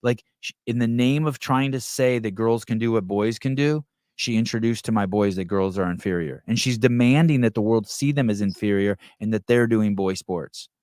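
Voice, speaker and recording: A man's voice: fairly low pitch, normal speed, a little mellow, no room sound, clean studio sound. A man hosting a live call-in podcast, talking bluntly with heavy profanity, restarting sentences as he tells stories. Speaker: podcast host. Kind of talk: casual live call-in chat.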